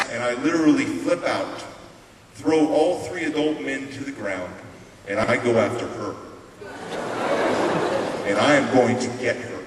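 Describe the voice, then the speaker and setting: A man giving a live motivational speech in a large hall. He tells his story in an animated way and stresses points through repetition. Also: mid-range voice, unhurried, pauses often. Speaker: motivational speaker. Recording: echoey hall from far off, faint hiss.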